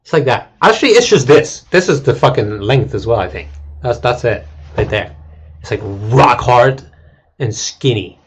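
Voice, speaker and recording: A man's voice: mid-range voice, animated, normal speed, a little hiss or hum. A male game streamer in a casual, crude and rambling rant to his chat, mocking and full of fillers.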